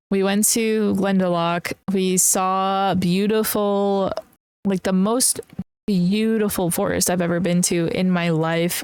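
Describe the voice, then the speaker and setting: Smooth-voiced woman chatting on a podcast. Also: on the low side, darkish tone, no room sound. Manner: rambling, filler-heavy, with frequent laughs. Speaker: podcast host. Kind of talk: casual solo travel chat.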